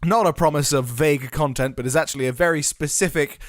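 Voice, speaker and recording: A man's voice: on the high side, fast, dry recording, clean studio sound. A man guesting on a podcast, explaining his show in an amused, chatty way. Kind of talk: casual podcast chat.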